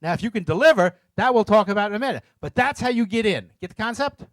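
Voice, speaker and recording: A brash middle-aged man with a notably high voice gives blunt, joking business advice at a seminar, acting out little scenes in put-on voices as he goes. His voice sits high for a man. The sound is dry and close. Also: lively intonation, fast talker, a bit bright, no room sound. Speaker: seminar co-presenter.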